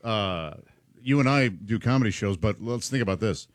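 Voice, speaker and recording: A man's voice: lowish voice, animated, normal speed, no room sound, studio quality. A man in a casual chat, joking around as a fellow comedian.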